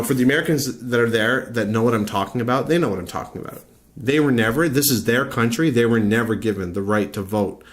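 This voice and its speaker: Man from canada, lowish voice, blunt, argumentative, profane vlog rant. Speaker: vlogger. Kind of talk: opinionated video rant.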